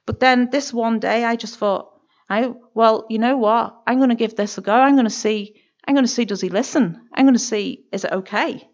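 A woman's voice: on the high side, normal speed, dull audio. A woman with a Northern Irish accent giving an earnest, emotional personal testimony in church, often stopping and restarting her sentences.

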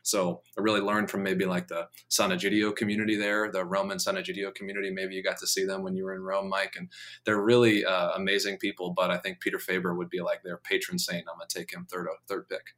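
A man's voice: low voice, level tone, quick pace, a bit bright. A man co-hosting a podcast, talking earnestly and at length with playful sports banter. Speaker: podcast co-host. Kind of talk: casual chat.

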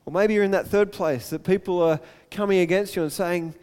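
A man preaching a sermon, telling the story with lively acted-out voices. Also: high voice, a little fast, clean tone. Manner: animated storytelling, acts out crowd voices. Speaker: pastor. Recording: long hall reverb.

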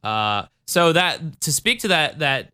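A man's voice: fairly high pitch, big pitch swings, slow, bright, forceful tone, smooth. An American man hosting a casual true-crime podcast, retelling a case with chatty asides. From United States. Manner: chatty, retells cases with asides and bad impressions. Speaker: podcast host.

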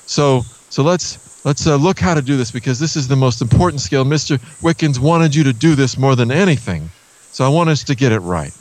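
A man's voice: medium pitch, animated, a little fast, a little mellow, lightly acted. A man playing a rambling father teaching his son to camp in an improvised comedy scene, chuckling and drifting into absurd tangents. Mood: earnest. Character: rambling middle-aged father teaching camping.

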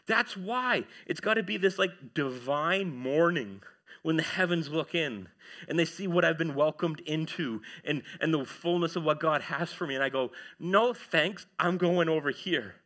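Bright-voiced pastor preaching. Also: male voice, on the high side, normal speed. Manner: animated preaching, swings from loud to hushed. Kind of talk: sermon. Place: church.

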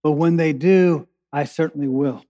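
A male pastor with a high, mellow voice delivers a sermon that rings through a church sanctuary. He pauses slowly and emphatically on key phrases, building urgency as his points rise, and his words fade into a long hall reverb.

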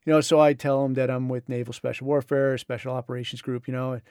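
A middle-aged podcast host tells a story in a laid-back, conversational monologue, drawling and mimicking others in retold dialogue before closing with advice for his listeners. His medium-pitched voice is level, a little mellow and smooth, and he talks fast. The audio is clean studio sound without echo.

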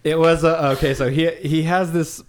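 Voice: medium pitch, steady tone, normal speed. A podcast co-host in casual chat, rambling and laughing, often trailing off partway through an explanation.

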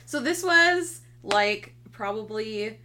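A woman's voice: fairly high pitch, lively intonation, takes it slowly, over a noisy crowd. A young woman guesting on a podcast, chatting casually and poking fun at herself. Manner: self-deprecating, chatty. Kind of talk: casual chat.

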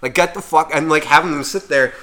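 Ranting, foul-mouthed man with a bright voice. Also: on the high side, fairly quick. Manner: swears constantly, rants, works himself up. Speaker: podcast co-host. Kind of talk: profane casual chat.

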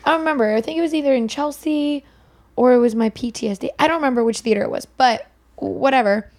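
A woman co-hosting a podcast, telling rambling, lively anecdotes and acting out what people said. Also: high voice, fast. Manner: lively, rambling, acts out quotes. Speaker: podcast co-host. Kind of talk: casual storytelling.

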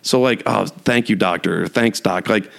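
A man's voice: lowish voice, measured pace, vocal fry, a bit bright. A young man chatting casually and ranting with exasperation, full of fillers and restarts, laughing as he talks. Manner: rambling, lots of "like" fillers and restarts, laughs while talking; mocking, exasperated rant. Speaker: podcast host. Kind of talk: casual solo chat.

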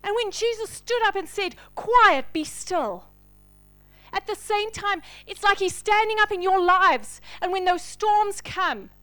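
Woman pastor, very high pitch, impassioned sermon delivery with sudden whispers. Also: moderate pace, few pauses. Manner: dynamic preaching, swinging from loud declarations to hushed whispers.

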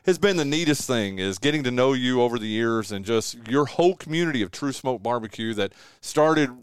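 A man's voice: medium pitch, lively intonation, brisk, clear, resonant tone, dry recording. A man hosting a radio show, chatting casually and speaking with effusive enthusiasm. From eastern North Carolina. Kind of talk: casual radio interview chat.

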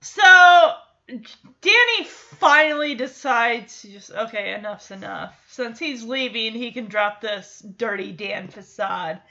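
A woman's voice: fairly high pitch, expressive, slow pace, bright, forceful tone, highs cut off. A woman casually recapping a sitcom episode, chatty, laughing often and quoting the characters.

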